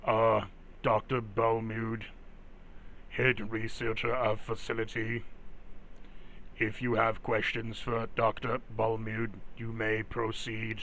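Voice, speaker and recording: A man voicing a stiff male security robot that speaks in clipped, monotone machine commands. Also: lowish voice, slow, slight background noise. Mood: robotic. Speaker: game master.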